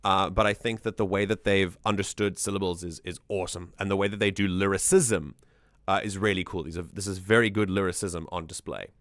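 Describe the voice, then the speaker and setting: A man's voice: sits low, steady tone, brisk, fairly bright tone, no echo, clean studio sound. A man streaming casual music-analysis commentary, enthusiastic and rambling, often restarting his sentences.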